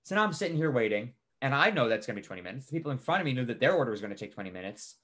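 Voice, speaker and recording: A man co-hosting a podcast, telling a story in animated casual chat, swearing freely and saying "like" a lot. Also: medium pitch, rapid-fire. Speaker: podcast co-host.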